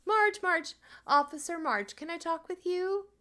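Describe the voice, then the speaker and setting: A woman's voice: extremely high pitch, unhurried, pushed and bright, voice pushed up, full character voice. A woman putting on a syrupy scheming neighbor lady. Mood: sugary. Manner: syrupy, overly sweet, hesitant. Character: sugary scheming woman who bribes with brownies. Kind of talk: improvised character play in a tabletop game.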